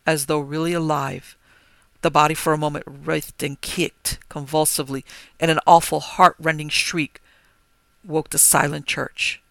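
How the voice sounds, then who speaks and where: A man narrating a gothic horror story in a measured, grave manner. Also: a little high, little pitch movement, gravelly, dry recording. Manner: measured, grave, rising to forceful cries. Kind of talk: dramatic gothic story reading.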